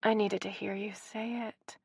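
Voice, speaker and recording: A woman's voice: on the high side, expressive, a little fast, no echo, studio quality, voice pushed up. A woman voicing a cheerful, playful young professional woman in an audiobook romance. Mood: soft. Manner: bright and playful, softer in intimate moments.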